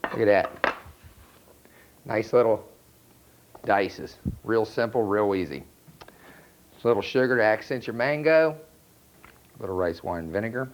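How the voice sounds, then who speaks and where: A man with a North Carolina accent, a chef talking through a cooking demonstration in a relaxed, plainspoken way. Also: on the low side, measured pace, long pauses, a little hiss or hum. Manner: relaxed, plainspoken, step-by-step instruction. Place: outdoor charcoal grill by a house. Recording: dull lo-fi VHS recording.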